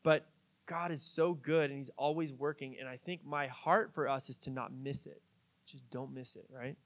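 A man's voice: medium pitch, fairly even intonation, moderate pace. A young man preaching a sermon in a casual, conversational way, telling stories with fillers and light jokes. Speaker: pastor.

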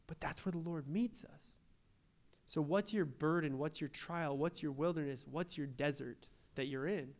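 A young adult man preaching a sermon as pastor, animated, repeating rhetorical questions and acting out quoted voices. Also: a little high, normal speed.

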